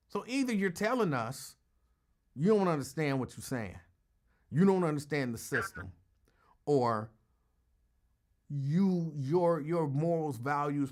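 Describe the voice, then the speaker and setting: A man hosting a call-in talk show, giving casual commentary in an emphatic, argumentative way and repeating his points for effect. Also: on the high side.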